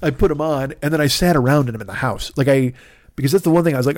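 Brief: fifties male comic hosting a podcast, rambling and swearing, mid-pitched, dry close mic. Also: fast, darkish tone, no room sound. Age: 50s. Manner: rambling, profane, self-deprecating. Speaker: comedian podcast host. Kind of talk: casual monologue.

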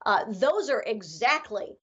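A woman from upstate New York, a former congresswoman, speaking as a guest in a political interview in a measured, praising way with filler pauses. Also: a little high, sing-song, slightly rough, muffled recording.

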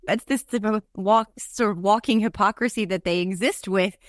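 A woman hosting a podcast in a casual, conversational way, laughing often and adding quick asides. The voice sits mid-range. The recording is dry, with no room sound. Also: mid-range voice, no echo. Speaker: podcast host. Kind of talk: casual political chat.

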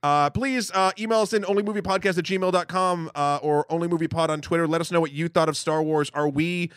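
Rambling, higher-voiced male podcast host. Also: fast, clean tone, dry recording, clean studio sound. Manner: rambling, self-interrupting, bursts of animated emphasis. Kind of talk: casual podcast chat.

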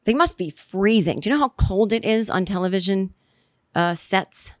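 A woman hosts a comedy podcast, spinning a rambling story and slipping into quick voiced asides. Her pitch sits in the middle of the range. The recording is dry and close, with no room sound. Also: lively intonation, no echo. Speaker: podcast host. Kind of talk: comedic monologue.

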